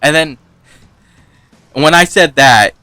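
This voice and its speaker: A man's voice: a little high, slow, bright, forceful tone, dry recording, soft background music. A man hosting a gaming video, telling a rambling, self-mocking personal story and laughing often. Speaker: gaming channel host. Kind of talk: casual storytelling over gameplay.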